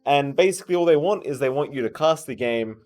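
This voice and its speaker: A man's voice: medium pitch, lively intonation, quick pace, darkish tone. A man co-hosting a podcast as an esports caster, in casual, rambling chat with a lot of restarts and some swearing, sounding tired. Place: hotel conference room.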